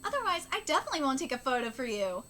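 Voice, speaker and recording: A woman voicing a bossy teenage boy who nags his mother, reading in a quick, scolding way. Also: high-pitched, sing-song, bright, forceful tone, full character voice. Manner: scolding, fast and pushy.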